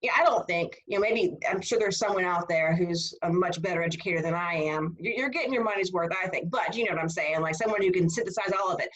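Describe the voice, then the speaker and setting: A woman giving a casual, animated history seminar over a video call, checking in with her students. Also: fairly low pitch, fast, few pauses, rough recording. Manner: animated, conversational, asks rhetorical "right?". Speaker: history instructor.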